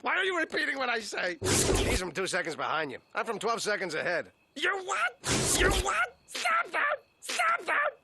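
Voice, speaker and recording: A man voicing a crass, frantic middle-aged male duck detective in a TV cartoon, yelling and complaining. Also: extremely high pitch, huge pitch swings, normal speed, vocal fry, heavy background noise, heavily acted. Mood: furious. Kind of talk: 1990s TV cartoon voice acting.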